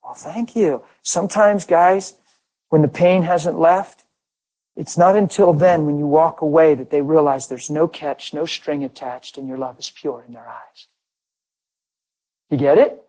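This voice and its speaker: A man's voice: fairly high pitch, steady tone, unhurried, warm tone, rough recording. A middle-aged man from Pennsylvania giving a conversational sermon full of stories. He speaks emphatically and fires off rhetorical questions that he answers himself. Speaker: preacher.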